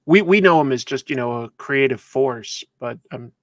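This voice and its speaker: A man's voice: mid-range voice, animated, normal speed, a crowd in the background. A man hosting a casual interview, asking curious, reflective questions with plenty of hedging. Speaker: interview host.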